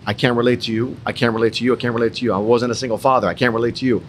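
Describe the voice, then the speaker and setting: At a business roundtable, a young entrepreneur tells a personal story emphatically and repetitively, with some mild swearing. His mid-range voice is level in tone and very fast, with slight background noise.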